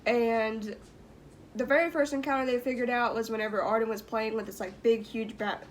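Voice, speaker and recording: A woman's voice: on the high side, steady tone, moderate pace, slight background noise. A young woman hosting a vlog, casually telling a spooky story with lots of "like" fillers and giggles. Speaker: vlog host.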